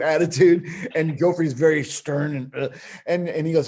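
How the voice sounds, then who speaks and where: A man's voice: fairly high pitch, fairly even intonation, normal speed, warm tone. A man, a martial arts instructor, talking casually in a group conversation, restarting his sentences as he thinks aloud. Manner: rambling, repeats words while thinking aloud.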